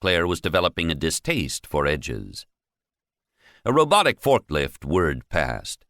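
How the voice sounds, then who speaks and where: A man narrating an audiobook in a measured, steady storytelling way. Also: deep voice, no room sound, studio quality. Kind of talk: scripted narration.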